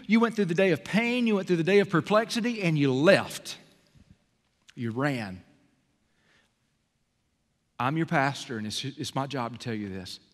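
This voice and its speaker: A man preaching a sermon as pastor, animated and self-deprecating, swinging from soft to loud. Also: on the high side. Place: large church sanctuary. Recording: long hall reverb.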